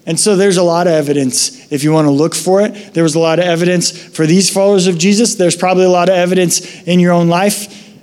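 Pastor, male, casual and animated sermon delivery, high voice, long hall reverb. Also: fast. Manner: conversational, animated storytelling. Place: church sanctuary.

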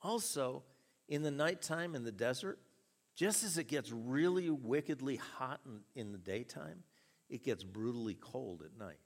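A man preaching a sermon, telling a story with chuckles and an animated delivery. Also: mid-range voice, unhurried. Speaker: pastor. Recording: reverberant hall.

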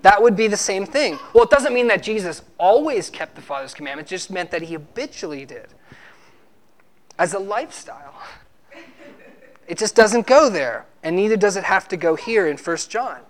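A man's voice: high voice, expressive, normal speed. A man preaching a sermon, arguing emphatically and teaching with rhetorical questions.

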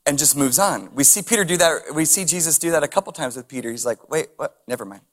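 A man's voice: fairly high pitch, expressive, quick pace. A man preaching a sermon as a pastor, reading scripture and adding casual chuckling asides and rhetorical questions.

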